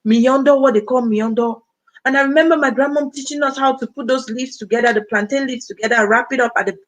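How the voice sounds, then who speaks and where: Cameroonian woman, 30s, livestream host, chatty and direct with viewers, slightly high voice. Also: low-quality recording. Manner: chatty, addresses viewers directly and reads out comments. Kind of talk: casual livestream chat.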